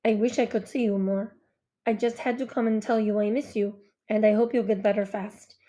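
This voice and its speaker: A woman's voice: mid-range voice, steady tone, normal speed, close to an everyday voice. A woman voicing a polite, earnest young Bengali boy with a light Indian accent. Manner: polite, earnest, soft-spoken.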